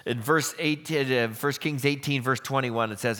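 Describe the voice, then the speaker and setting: A pastor preaching a sermon, retelling a scripture story with lively storytelling. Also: male voice, medium pitch, brisk, hardly any pauses, in a large hall.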